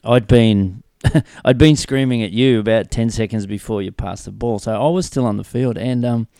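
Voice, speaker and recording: Dark-voiced man telling stories. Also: fairly low pitch, normal speed, vocal fry, dry recording, studio quality. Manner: animated storyteller, laughs often, speaks in bursts. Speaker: host and former team staff member. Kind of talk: conversational podcast interview.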